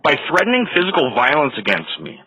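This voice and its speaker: Guy in a phone fight, raspy voice, muffled lo-fi audio, real dry, firm and insistent. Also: on the high side, wildly swooping pitch, fast talker, pushed and bright, dry recording. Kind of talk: heated phone argument.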